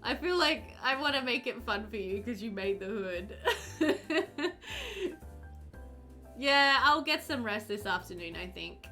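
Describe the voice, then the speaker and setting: Expressive and unhurried, a young woman with a fairly high voice streams a game, leaving long pauses as faint music plays behind her. She chats casually with viewers, reading their messages aloud with warmth and frequent giggles.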